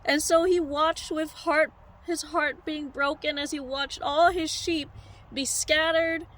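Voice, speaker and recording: A woman preacher telling a story in a sermon, animated and heartfelt, speaking straight to her listeners. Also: sits high, slow.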